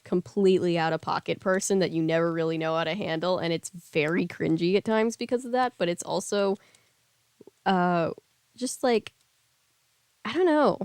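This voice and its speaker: A woman's voice: on the low side, normal speed, darkish tone, smooth, no room sound, clean studio sound. A woman hosting a casual read-aloud, breaking off into rambling, chatty asides full of fillers. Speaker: book reading host.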